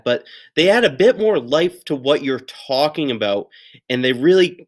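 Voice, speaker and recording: Male teacher, young adult, cheerful recorded lesson for second graders. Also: a little high. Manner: upbeat, encouraging, with playful exclamations.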